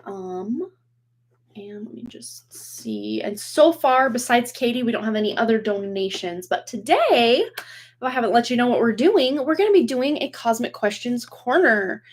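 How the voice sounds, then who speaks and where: A woman in her forties, a tarot reader hosting a livestream from home, chatting casually, rambling with many fillers and frequent laughs, her voice slightly hoarse from a cold. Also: fairly high pitch, expressive, normal speed. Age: 40s. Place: home room with dog toys and boxes behind. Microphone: computer webcam.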